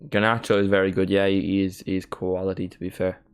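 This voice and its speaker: Laid-back young man, lowish voice. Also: quick pace, clean tone. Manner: laid-back and chatty, gets excited at chances. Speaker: livestream watchalong host. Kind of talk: casual live match commentary. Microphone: desk microphone.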